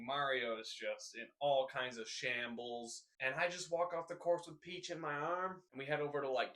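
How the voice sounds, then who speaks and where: A young man hosting a scripted news recap with deadpan, jokey asides and rambling tall tales. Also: medium pitch. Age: young adult. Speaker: host.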